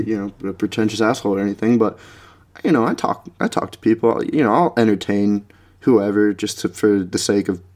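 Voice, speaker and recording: Young guy podcasting, kinda low voice, rambly, lots of "like" and laughs. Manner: rambling, lots of fillers, laughs mid-sentence, jumps into mocking high voices. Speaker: podcast host. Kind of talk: rambling casual podcast chat.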